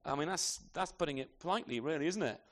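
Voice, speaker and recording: A man's voice: a little high, fast. A man preaching a sermon in a conversational way, often adding rhetorical tag questions.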